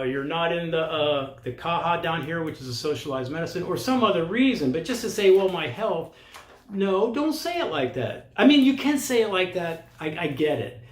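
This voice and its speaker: Blunt older man, roomy echo. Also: fairly high pitch. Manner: blunt, challenging, talks straight at the viewer. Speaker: vlogger giving expat advice. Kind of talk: casual monologue to camera. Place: lives in Costa Rica.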